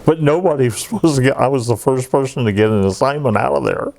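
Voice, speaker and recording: A man's voice: mid-range voice, fast talker, creaky. A man in his eighties telling war stories in an oral history interview, laughing often and acting out what others said. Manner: lively anecdotes, laughs often, acts out quoted dialogue. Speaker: veteran interviewee.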